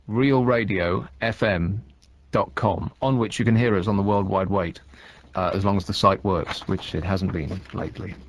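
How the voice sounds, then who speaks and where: On a studio microphone with a dry recording, a man of medium pitch hosts a late-night radio phone-in. His casual chat is dry, sarcastic and rambling.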